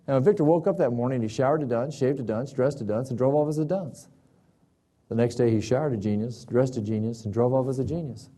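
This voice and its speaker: A man's voice: quick pace, dark tone. A man giving a motivational seminar, telling stories in a folksy, emphatic way. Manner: storytelling, folksy, varies pitch widely for emphasis. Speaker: motivational speaker.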